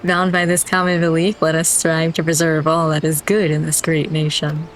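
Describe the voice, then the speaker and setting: A stately military officer delivers a formal oath of allegiance with grave solemnity, as a woman reads the game text aloud. The voice sits fairly low and is spoken steadily. A faint hum of background noise runs underneath. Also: monotone, normal speed, lightly acted, poor audio. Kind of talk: reading game dialogue aloud.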